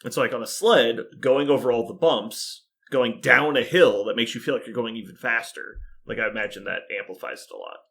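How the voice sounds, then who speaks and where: A man's voice: mid-range voice, fairly quick, gravelly, hardly any pauses, a bit bright. A man hosting a casual podcast chat who laughs often as he retells scenes. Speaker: podcast host.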